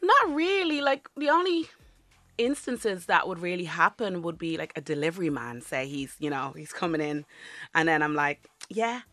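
A woman with a Dublin accent, chatting as a panel guest and telling lively stories with ready laughter. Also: fairly low pitch, normal speed, no room sound. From Caribbean, raised in Dublin from age ten. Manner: lively storyteller, laughs easily. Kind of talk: casual chat.

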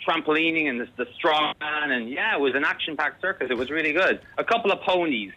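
Bright-voiced Irish man in his forties. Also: on the high side, fast, muffled recording. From Ireland. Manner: precise, fussy about pronunciation. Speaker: caller. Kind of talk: casual chat. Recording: radio call.

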